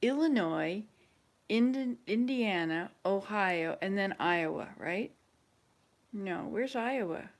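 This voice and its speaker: A woman's voice: mid-range voice, expressive, slow. A woman hosting a casual chat with online viewers, thinking aloud and hesitating as she searches her memory. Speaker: channel host.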